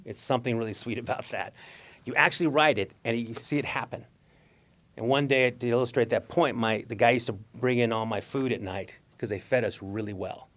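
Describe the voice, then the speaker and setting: A middle-aged Mexican-American man telling stories in a talk, acting out voices and laughing often. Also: medium pitch. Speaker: guest speaker. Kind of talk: storytelling talk.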